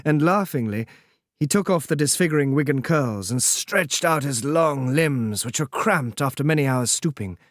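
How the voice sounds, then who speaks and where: Male audiobook narrator, measured and solemn, slightly higher voice, dry close sound. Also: animated, no room sound. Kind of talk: scripted narration of a classic novel.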